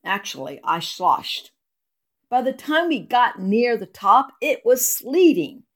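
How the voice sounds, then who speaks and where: A woman reading her ministry blog, unhurried and lively, earnest devotional storytelling. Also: on the high side. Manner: expressive, earnest storytelling read.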